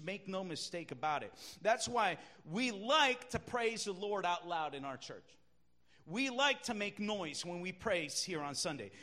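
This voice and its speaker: A man preaching a sermon as pastor, emphatic, swinging between quiet talk and loud shouts. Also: high voice.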